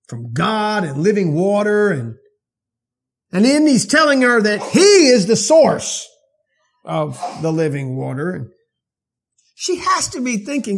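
A man's voice: high voice, vocal fry. A male pastor preaching an expository sermon in a conversational way, often asking his listeners questions.

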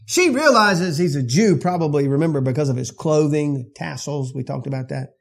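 A man's voice: on the high side, lively intonation, normal speed, gravelly. A male pastor preaching an expository sermon in a conversational way, often asking his listeners questions.

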